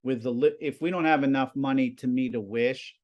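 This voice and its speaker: A man in his forties, a high school TV production teacher, chatting in an interview and telling animated stories with lots of "you know" and "like". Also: a little fast, lo-fi sound. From Pennsylvania, US. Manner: animated storyteller, many fillers. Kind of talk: casual interview chat.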